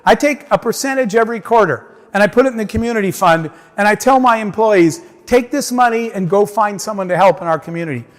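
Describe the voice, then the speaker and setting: Man, keynote speaker, high-pitched voice, lively storytelling, long hall reverb. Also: quick pace, hardly any pauses. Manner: animated storyteller acting out dialogue. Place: large conference hall.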